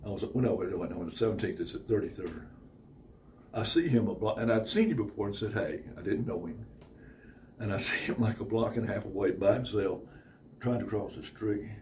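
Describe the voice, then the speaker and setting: A man's voice: lowish voice, animated, a little fast, a little mellow. Brief: a man spinning a rambling tale, foul-mouthed and chuckling, recorded a bit far off the mic with light background hiss. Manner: profane, laughs often while telling a story. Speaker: podcast guest. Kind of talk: casual storytelling. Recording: distant mic with faint background noise.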